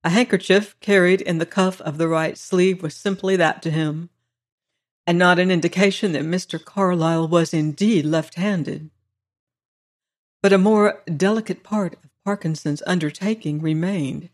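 A steady audiobook voice narrating an old-fashioned story. The reading is measured and even, with a mid-range pitch. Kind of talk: scripted narration of a classic story.

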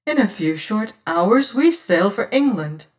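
A reader softly voicing a tender young noblewoman. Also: mid-range voice, sing-song, measured pace, voice pushed up. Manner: soft, archaic old-fashioned speech. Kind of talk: audiobook reading.

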